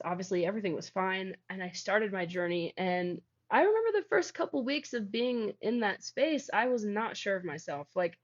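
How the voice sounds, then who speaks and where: A young woman, a guest on an interview show, tells a personal story in a casual, rambling way, filling her talk with "like". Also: mid-range voice. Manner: rambling, heavy use of "like". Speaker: guest, founder of a healing practice. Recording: dull lo-fi audio.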